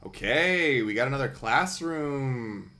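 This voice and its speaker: A man streaming a video game live, chatting casually and thinking out loud with wry asides. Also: mid-range voice, animated, slow pace.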